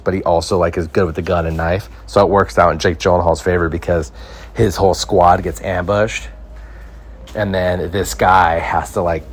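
Deep-voiced joking podcast host. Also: male voice. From Mexico. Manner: rambling, joking, animated storytelling. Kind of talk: casual comedy chat.

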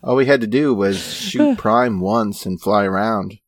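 A man co-hosting a casual chat, recapping plot in a relaxed way with frequent chuckles. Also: on the low side, unhurried, no room sound, clean studio sound. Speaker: podcast co-host recapping episodes.

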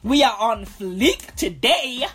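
A woman voicing a sassy, flamboyant talking flag that speaks in a slow, campy drawl. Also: on the high side, animated, a bit bright, a little hiss or hum.

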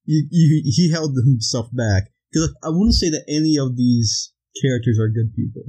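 Young male co-host, mellow and husky, halting casual delivery. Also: mid-range voice, poor audio. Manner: halting, restarts a lot, laughs between thoughts. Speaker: podcast co-host. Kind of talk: casual movie discussion.

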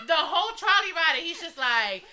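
A woman's voice: very high voice, big pitch swings, unhurried, noisy background. A woman telling a story in a casual group chat, laughing and acting out the quoted dialogue.

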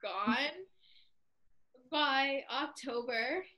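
A young woman with a high voice tells a story to a friend, animated and laughing often. She says "like" a lot. Her tone is bright and clear. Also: very slow. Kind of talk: casual chat.

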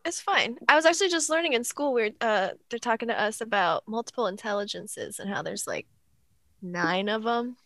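A woman's voice: fairly high pitch, normal speed, a bit bright, no echo. Woman guest on a podcast, upbeat and slangy, laughs easily, dry close mic. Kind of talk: casual chat.

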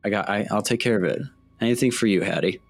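Deep-voiced man playing a tabletop game. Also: fast, vocal fry, dry recording, soft background music. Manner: casual, stammering. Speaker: player.

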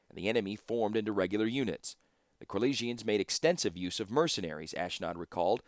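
Low-voiced man narrating a fantasy audiobook. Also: dry recording, clean studio sound. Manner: measured, steady storytelling.

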